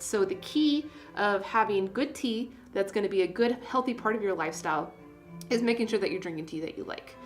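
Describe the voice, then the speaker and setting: A woman hosting a casual tea livestream, chatty and self-deprecating, laughing at her own jokes. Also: medium pitch. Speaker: tea seller hosting a live stream. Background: soft classical music.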